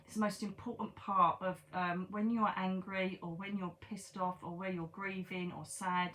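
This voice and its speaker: A woman's voice: medium pitch, little pitch movement, moderate pace, a bit bright, slight background noise. A woman, giving a chatty, reassuring tarot reading and repeating herself for emphasis. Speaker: psychic medium.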